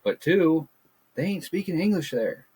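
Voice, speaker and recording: A man's voice: on the high side, very animated, normal speed, warm tone, husky. A man co-hosting a casual podcast, talking bluntly and ranting, swearing freely. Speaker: podcast co-host. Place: backyard. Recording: poor audio.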